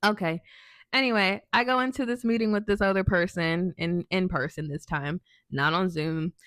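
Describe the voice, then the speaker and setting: A woman's voice: lowish voice, moderate pace, a bit bright, dry recording, studio quality. A woman vlogger telling a work story in a chatty, sassy way, with many ums and restarts. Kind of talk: casual storytime.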